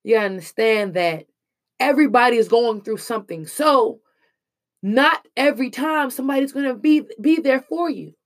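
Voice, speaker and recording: A woman's voice: fairly high pitch, animated, moderate pace. A young woman speaking in an earnest, emphatic monologue, casual and slangy as she shares hard-won lessons. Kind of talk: emotional personal monologue.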